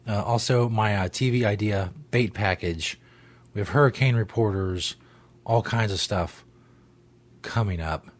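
A man's voice: on the low side, a little slow. A male host chatting casually on his comedy show, wry and laid-back, with the odd swear.

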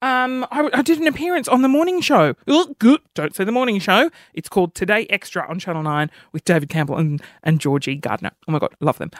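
A man's voice: high-pitched, a bit bright, no echo, clean studio sound. A young man hosting a podcast alone, rambling in a chatty, self-mocking way. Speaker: podcast host. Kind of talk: solo comedic podcast chat.

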